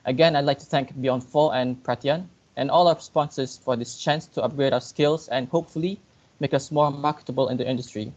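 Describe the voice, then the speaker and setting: A man's voice: medium pitch, fairly even intonation, a little fast, a little mellow. A young man from Malaysia, a program participant, giving an earnest testimonial with fillers. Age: young adult. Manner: earnest, thankful, with fillers and a slip. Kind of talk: testimonial speech. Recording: dull lo-fi call audio.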